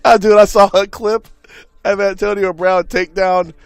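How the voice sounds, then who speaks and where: A man's voice: high voice, level tone, unhurried, clean tone, dry recording. A man co-hosting casual sports talk, laid-back and joking with slangy asides. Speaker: co-host.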